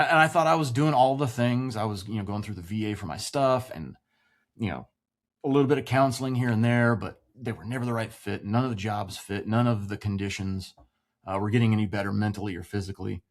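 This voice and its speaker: Brief: man in his 40s, veteran podcast guest, animated storyteller, salty and casual. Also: on the low side, fairly quick. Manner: animated, swears freely, acts out quoted voices.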